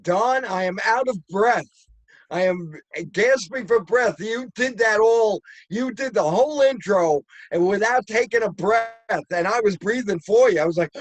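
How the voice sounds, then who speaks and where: A man with a New York accent co-hosts a comedy chat show remotely from home, joking with big animation. His voice sits notably high and the sound is dry and close. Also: unhurried, no echo. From Long Island, New York. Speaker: co-host.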